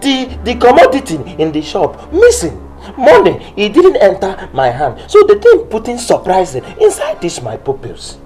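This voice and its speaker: A woman's voice: medium pitch, huge pitch swings, normal speed, few pauses, soft background music. A woman plays a shop owner who speaks broken English and stammers as she pleads. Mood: pleading. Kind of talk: film drama acting. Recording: film audio with loud score.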